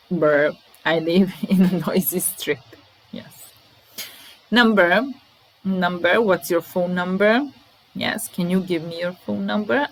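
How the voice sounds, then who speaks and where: A woman who speaks as her teaches English vocabulary at a slow, deliberate pace. Her voice sits a little low, and she says each example sentence twice. Faint noise runs under the recording. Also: low-quality recording. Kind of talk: vocabulary lesson mixing English and Serbian.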